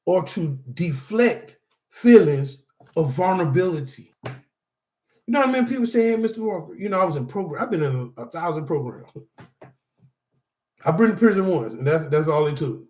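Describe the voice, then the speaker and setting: A man's voice: fairly high pitch, expressive, moderate pace, long pauses, a little mellow, echoey room. A middle-aged man teaching anger management through personal testimony, talking emphatically and repeating himself, often calling the listeners "y'all". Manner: emphatic, repetitive, addresses audience as y'all.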